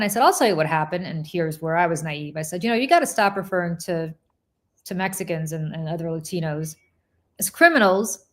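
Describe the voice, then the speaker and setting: Woman host telling a story, lively and laughing, acts out what people said. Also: fairly low pitch, fairly quick. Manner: animated, laughing, acts out quoted voices. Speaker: podcast host. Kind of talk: casual storytelling chat.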